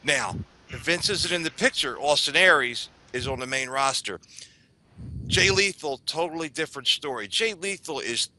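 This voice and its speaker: A man's voice: on the high side, lively intonation, moderate pace, sharp tone, a little hiss or hum. A man on a casual wrestling panel, arguing his point emphatically.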